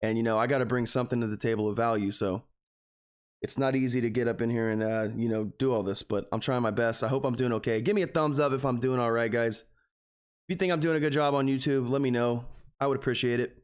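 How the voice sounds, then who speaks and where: A man's voice: mid-range voice, fairly even intonation, quick pace, clean tone. A man from Texas hosting a live trading stream, talking casually and earnestly to his viewers. He rambles and keeps calling them "guys". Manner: earnest and openly emotional. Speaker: stock trading livestreamer.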